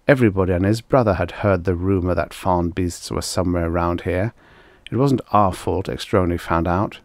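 A man's voice: low voice, moderate pace, no echo. A man voicing an anxious young male hunter on an alien world, arguing in a tense, urgent way. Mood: worried. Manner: anxious, argumentative.

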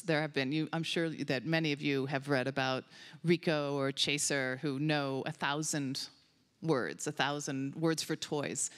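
A woman being interviewed as a researcher, telling stories with enthusiasm and animation. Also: sits low. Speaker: guest researcher on dog cognition. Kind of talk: conversational interview answers. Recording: long hall reverb.

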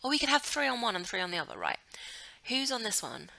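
A young woman talks over her gameplay at a desk mic in a bright, crisp voice. She chatters freely, giggles often and gushes over everything on screen. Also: a little high, fast, no echo. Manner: chatty, giggly, gushing with excitement. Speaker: gaming channel host. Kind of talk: casual let's play commentary.

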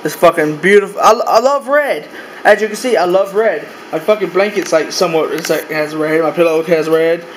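A young man with a high voice talks through a casual vlog from his bedroom, rambling, cursing constantly and repeating his lines. His voice bounces around an echoey room, with a faint hum of air conditioning underneath. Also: fairly quick. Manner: profane, rambling, repeats himself. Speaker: vlogger.

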